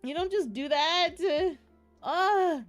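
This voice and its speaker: High-voiced tearful, giggly young woman. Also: unhurried, faint music behind. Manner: emotional, giggly, tearful, rambling with restarts. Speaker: streamer. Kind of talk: casual stream chat, recounting an event.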